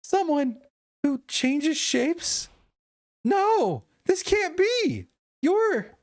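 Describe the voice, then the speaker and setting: Streamer doing a panicky young game housemaiden, squeaky high, super sorry, all over the place. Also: very animated, very slow, darkish tone, heavily acted. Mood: shocked. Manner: high, frantic and apologetic. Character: anxious young woman housemaiden.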